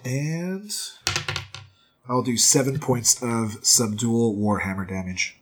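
A man playing a tabletop game, deliberately calling out his dice rolls. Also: mid-range voice. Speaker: player. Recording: noisy background hiss.

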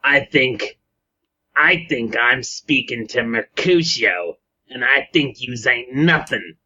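A man voicing a cocky, sarcastic low-level male crook who talks in mouthy street slang, on a dull lo-fi recording. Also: expressive, takes it slowly, pushed and bright, exaggerated voice.

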